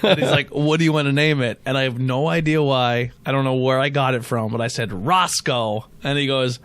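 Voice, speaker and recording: A man hosting a beer podcast, telling stories in casual chat, profane and animated. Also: medium pitch, fairly quick. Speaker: podcast host.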